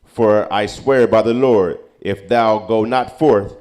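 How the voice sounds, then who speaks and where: A man reading old-style Bible verses aloud at a steady pace, now and then stumbling over a word. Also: lowish voice, slow. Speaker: scripture reader.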